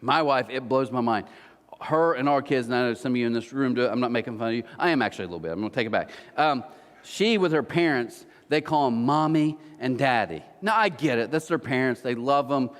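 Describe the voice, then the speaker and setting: With a mid-range voice and a fairly quick pace, this pastor jokes through his stories and teases the congregation. He's preaching a sermon in a large church auditorium, and the recording carries a long hall reverb.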